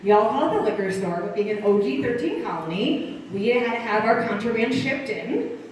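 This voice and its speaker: A woman in her thirties from Connecticut doing a rambling stand-up set with dark humor and lots of asides. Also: a little high, lively intonation, brisk, a little hiss or hum. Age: 30s. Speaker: stand-up comic. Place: small live performance venue. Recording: distant echoey room mic.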